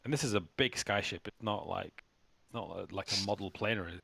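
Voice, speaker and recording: A man narrating as game master, often halting and repeating words. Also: lowish voice, vocal fry, sharp tone, husky, dry recording.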